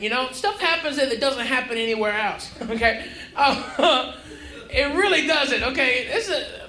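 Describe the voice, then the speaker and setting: A man's voice: very high voice, sharp tone. A man doing a brash, profane stand-up set and checking in with the audience. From Houston, Texas. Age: 40s. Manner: brash, profane, conversational, keeps checking in with the crowd. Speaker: stand-up comedian. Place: comedy club stage before a live audience. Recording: roomy club recording with crowd laughter.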